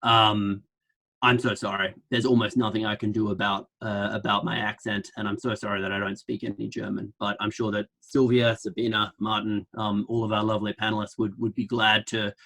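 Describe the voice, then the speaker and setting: Fields: Sex: man. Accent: Australian. Pitch: lowish. Style: joking online lecture. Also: fairly bright tone. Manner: flippant, joking.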